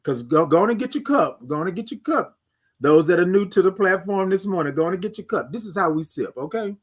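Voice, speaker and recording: A man with a Texan accent hosting a live morning stream, chatting with viewers and singing out long, drawn-out greetings. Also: sits high, slightly rough. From Texas. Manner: animated, sings out drawn-out greetings. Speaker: host.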